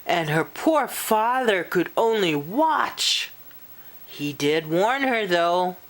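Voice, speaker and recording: A woman reading a children's picture book aloud, animated and expressive, pausing to talk to young listeners. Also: lowish voice. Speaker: storyteller.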